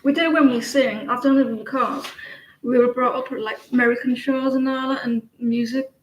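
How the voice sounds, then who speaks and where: A woman's voice: high-pitched, steady tone, a little hiss or hum. English woman reading tarot, echoey room. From England. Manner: halting, many fillers and restarts. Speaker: tarot reader. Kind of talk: live-stream tarot reading.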